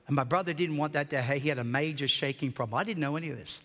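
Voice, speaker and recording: Passionate preacher, bright tone, big hall echo. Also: male voice, fairly high pitch, very fast. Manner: passionate storytelling, swings between shouting and hushed. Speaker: pastor. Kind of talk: sermon.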